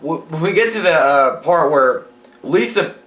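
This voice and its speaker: Bright-voiced profane male movie reviewer. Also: on the high side, animated, reverberant. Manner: profane, jokey, acts out scenes in quick put-on voices. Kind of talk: casual comedic movie review.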